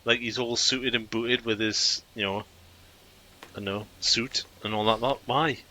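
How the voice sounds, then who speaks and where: A man's voice: mid-range voice, fairly even intonation, measured pace, pushed and bright. A man co-hosting a casual movie podcast, speaking in a dry, colloquial way with hesitant starts. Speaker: podcast co-host. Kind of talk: casual movie review chat.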